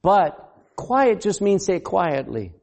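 A male pastor preaching a sermon in a high, mellow voice that swings widely in pitch. He quizzes the congregation, laughs often and acts out the voices he quotes. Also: slow pace. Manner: animated, asks the congregation questions.

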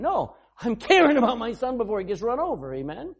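Husky preacher, lively swooping delivery. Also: male voice, very high-pitched, fast talker, muffled recording. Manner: calls on readers and questions the congregation; bursts into shouting for emphasis. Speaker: pastor. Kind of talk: sermon.

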